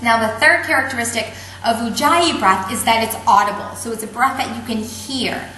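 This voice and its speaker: A woman teaching a yoga breathing technique in a calm, patient way, often checking in with "okay?". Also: on the high side, moderate pace, slight background noise. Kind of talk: instructional explanation. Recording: echoey room, faint ambience.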